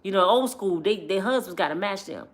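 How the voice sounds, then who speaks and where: A woman's voice: mid-range voice, fairly quick. Chatty middle-aged woman telling stories. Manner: lively, chatty, laughs often, speaks straight to her viewers. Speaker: vlogger telling family stories. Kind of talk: casual storytelling vlog.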